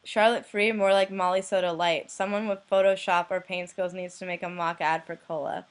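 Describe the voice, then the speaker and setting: A woman's voice: on the low side, flat delivery, moderate pace. Young woman deadpanning messages aloud. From United States. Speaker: blogger reading anonymous messages. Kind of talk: reading messages aloud to camera.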